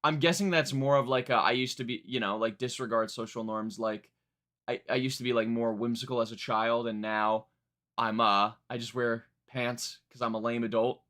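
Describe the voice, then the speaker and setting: A man's voice: medium pitch, steady tone, normal speed, sharp tone. A young man streaming a live album reaction, chatting casually in a rambling, self-mocking way.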